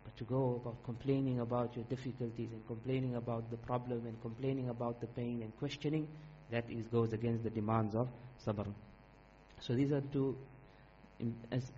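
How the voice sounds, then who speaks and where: An Islamic preacher delivers an earnest, emphatic sermon at a middling pitch, mellow in tone, leaning on repetition and quickly reciting Arabic verses. The recording sounds dull and lo-fi with a faint hum beneath it.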